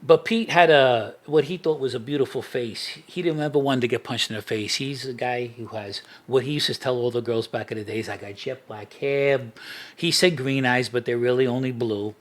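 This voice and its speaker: A man's voice: medium pitch, moderate pace. A middle-aged man, a podcast guest, telling street stories in a casual interview and laughing at his own anecdotes.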